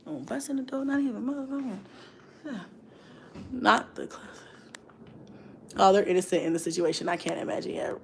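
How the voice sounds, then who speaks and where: A middle-aged woman and mom vlogger in casual live-stream chat, talking in a chatty, animated way and breaking off now and then to call out to her kids at home. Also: medium pitch, a little fast, long pauses, slight background noise.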